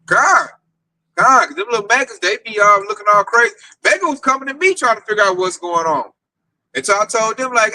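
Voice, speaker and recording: A man preaching casually to an online audience in an animated, slangy, streetwise way. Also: sits high, brisk, no room sound, rough recording. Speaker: teacher leading a group discussion.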